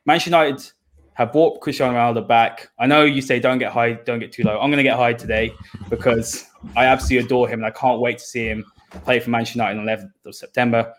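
A young man in his twenties hosts a football podcast at a brisk clip. He speaks with fervent emotion and restless energy, in a middle-pitched voice. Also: steady tone. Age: 20s. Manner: fervent, emotional, fast-talking. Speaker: podcast host.

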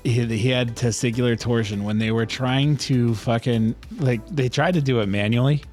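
A man co-hosting a podcast, telling crude, swear-laden stories in loose casual chat. His voice sits at an ordinary middle pitch. Faint music plays behind him. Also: moderate pace. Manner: profane, animated storytelling. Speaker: podcast co-host.

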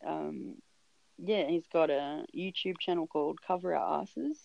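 An Australian woman, a musician co-hosting a podcast, laid-back and deadpan in casual chat. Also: sits low, a little slow, creaky, dry recording. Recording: dull lo-fi sound.

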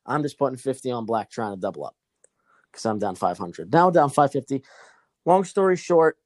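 A man's voice: mid-range voice, brisk, no echo. Young guy ranting about losing at the casino, cursing nonstop, dead dry sound. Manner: profane, animated storytelling. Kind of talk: casual storytelling chat.

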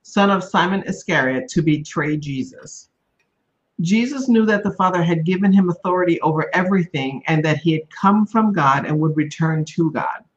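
Scripture reader, woman, steady, dull lo-fi recording. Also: lowish voice, moderate pace. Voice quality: steady, plain reading. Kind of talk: reading scripture aloud. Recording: dull, lo-fi sound.

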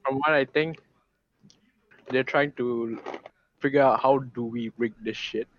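A man's voice: medium pitch, fairly even intonation, a little slow, muffled recording. A man chatting casually as a podcast guest, making goofy, offhand quips. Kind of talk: casual chat.

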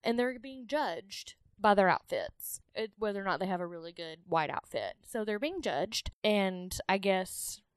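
A woman's voice: mid-range voice, expressive, unhurried, hardly any pauses, clean tone, no echo. A young woman with a Southern US accent co-hosting a casual, irreverent podcast chat, joking and sarcastic. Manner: joking, sarcastic, laughs often. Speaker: podcast co-host.

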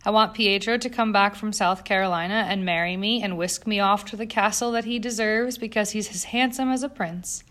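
A woman's voice: medium pitch, brisk, few pauses, fairly bright tone, close to an everyday voice. A woman voicing a cheerful young immigrant factory girl who talks in a wistful, earnest way.

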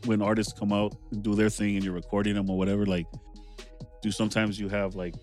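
A man's voice: fairly low pitch, little pitch movement, quick pace, darkish tone, soft background music. A man hosting a casual chat, asking long, rambling questions filled with "you know" and "like".

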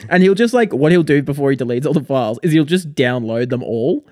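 A young man co-hosting a podcast, telling a story in a lively casual chat, heavy on "like". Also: medium pitch, a little fast, no echo, clean studio sound. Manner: animated storytelling with frequent "like" fillers. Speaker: podcast co-host.

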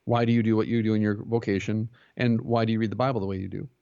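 A low-voiced man talks quickly and earnestly as a guest on a podcast, a pastor who teaches jiu-jitsu. He tells his stories with lively quoted dialogue. The sound is dry and a little muffled. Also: gravelly, dry recording. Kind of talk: conversational interview.

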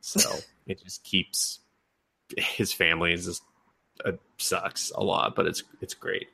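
A man's voice: low-pitched, level tone, unhurried, gravelly, sharp tone, slightly rough. A man hosting a podcast, casually and animatedly recapping an anime, laughing and acting out the characters' lines. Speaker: podcast host.

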